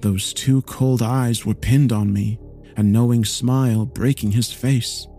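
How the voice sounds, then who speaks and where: A man narrating a horror story in a slow, grave storytelling manner. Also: mid-range voice, fairly even intonation, mellow, faint music behind.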